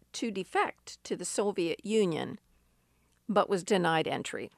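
A woman preacher giving a sermon, telling stories in an unhurried way with emphatic rises. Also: medium pitch, no echo, studio quality.

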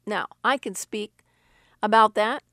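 A woman's voice: mid-range voice, takes it slowly, a bit bright, dry recording, studio quality. A woman who grew up in Sicily, giving an earnest devotional talk and reading scripture aloud. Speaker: Christian speaker. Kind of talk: devotional teaching.

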